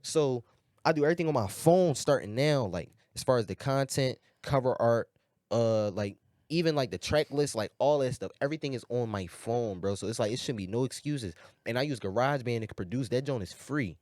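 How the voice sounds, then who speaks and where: Philly-musician guest, mid-pitched, slangy and emphatic, dry close sound. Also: male voice, animated, a little fast, a little mellow, dry recording. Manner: slangy and emphatic, often asks "you feel me". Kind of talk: casual podcast conversation.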